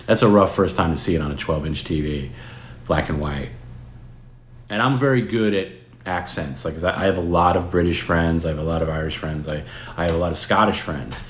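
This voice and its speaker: A very low-voiced man in his forties hosts a casual live stream and chats with his viewers. He rambles, restarts his sentences and drops the odd swear word. The room sounds echoey, with a faint hiss underneath. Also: moderate pace. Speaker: host. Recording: roomy with faint background noise.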